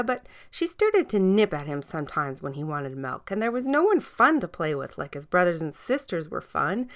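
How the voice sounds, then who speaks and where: A woman reading a children's story aloud, gentle and soft, sometimes dropping almost to a hush. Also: fairly low pitch.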